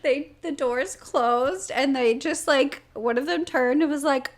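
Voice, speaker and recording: A young woman in her twenties co-hosting a podcast, telling a story in a casual, animated, giggly way with lots of "like". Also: sits high, measured pace. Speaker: podcast co-host.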